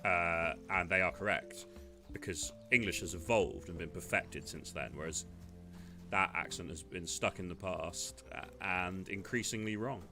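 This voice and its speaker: Man, casual let's-play chatter, low-pitched with a bright, forceful tone. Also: unhurried, faint music behind. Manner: chatty, self-deprecating. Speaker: let's player. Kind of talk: casual game commentary.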